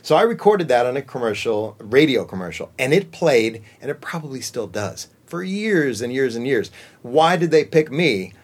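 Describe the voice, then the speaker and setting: A middle-aged man with an American accent chats in an easy interview manner. He is a voice actor and children's singer, and his talk stays lively as he jumps into bits of character voices and song lines. His pitch sits in a plain middle range. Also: moderate pace. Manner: animated, jumps into character voices and sung snippets. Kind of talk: casual interview chat.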